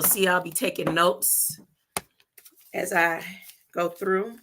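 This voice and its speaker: A woman hosting a spiritual livestream, speaking unhurried affirmations, laughing often and repeating words for emphasis. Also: on the low side, fairly even intonation, fairly bright tone. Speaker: livestream host.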